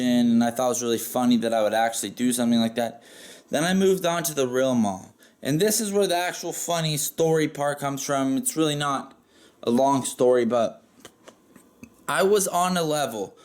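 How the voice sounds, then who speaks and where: Male storyteller, casual and profane, slightly higher pitched, rambling delivery. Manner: rambling and profane, with frequent "like" fillers.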